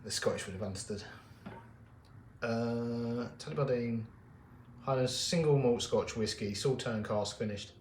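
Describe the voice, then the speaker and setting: A man's voice: mid-range voice, a little slow, darkish tone, echoey room, a little hiss or hum. A man chatting casually and wryly while working at a jeweller's bench, hosting a live stream. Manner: chatty, rambling, wry. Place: jewellery workshop.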